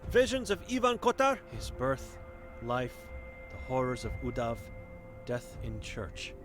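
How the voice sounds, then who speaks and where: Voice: medium pitch, very animated, a little slow, fairly bright tone, faint music behind. An actor voicing a blind, mute old woman who is bitter and grim and speaks in terse, broken sentences in a video game.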